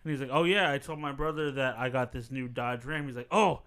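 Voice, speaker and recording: A man's voice: mid-range voice, fairly even intonation, fast talker, a bit bright, smooth. A young man co-hosting a podcast, telling an anecdote in casual chat and acting out what others said. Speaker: podcast co-host.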